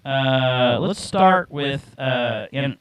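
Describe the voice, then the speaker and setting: A man co-hosting a podcast, chatting casually about football picks in an animated way. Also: medium pitch. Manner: animated, lively picks with quick asides. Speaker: podcast co-host. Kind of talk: casual sports chat.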